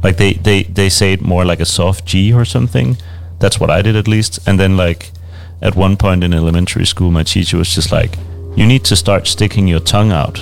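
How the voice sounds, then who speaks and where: A man from Denmark chatting casually as a co-host on a community radio show, relaxed and quick to laugh. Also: deep voice, vocal fry, faint music behind. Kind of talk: casual chat.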